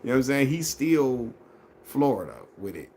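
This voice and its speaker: A man's voice: mid-range voice, sing-song, moderate pace, a little mellow, a little hiss or hum. A man hosting a casual live stream, chatting loosely about basketball and reading viewer comments. He talks in slang, repeats his phrases and laughs often. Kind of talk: casual sports chat.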